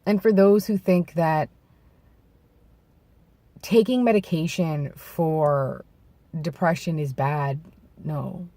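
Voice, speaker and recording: A man with a gravelly voice worn by vocal nodes, a bit hoarse from throat clearing, talking candidly to camera outdoors in a reflective, halting way. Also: a little high, dark tone, dry recording. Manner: reflective and halting, with restarts and self-corrections. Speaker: vlogger. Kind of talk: candid personal talk to camera. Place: outdoors in bright daylight.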